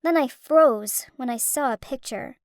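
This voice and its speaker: A woman narrating an animated story in the first person, emotional and dramatic, on a close studio mic. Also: high-pitched, unhurried, no echo.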